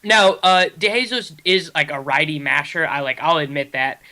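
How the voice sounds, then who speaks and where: Bright-voiced man talking fantasy baseball. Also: fairly high pitch. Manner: quick, analytical, self-deprecating. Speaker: fantasy baseball show co-host. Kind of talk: casual sports chat.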